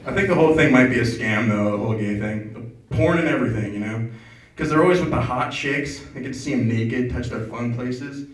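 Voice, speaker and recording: A man's voice: mid-range voice, brisk, hardly any pauses, recorded from a distance. A man performing a stand-up set at an open mic, rambling and self-deprecating with an offhand delivery. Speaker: stand-up comedian. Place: comedy club, open mic. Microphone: stage mic recorded from far off. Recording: echoey club taped from afar with crowd. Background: audience laughter.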